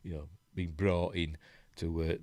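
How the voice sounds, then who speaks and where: A man's voice: deep voice, level tone, measured pace, warm tone, no echo. A man with a Yorkshire accent casually reading out news articles, rambling with asides and frequent ums. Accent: Yorkshire English. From Yorkshire, England. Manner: rambling, chatty, reads aloud with frequent ums.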